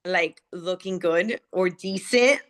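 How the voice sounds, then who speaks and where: A woman beauty consultant chats casually with her team. Her voice is bright and forward, and her talk is animated, full of fillers and quick restarts. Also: on the low side. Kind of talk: casual chat.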